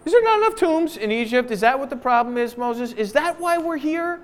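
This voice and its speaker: A man's voice: extremely high pitch, huge pitch swings, slow, darkish tone, pitched above the performer's own voice, full character voice. A man voicing a whiny, sarcastic crowd of ancient Israelites complaining to their leader. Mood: sarcastic whining.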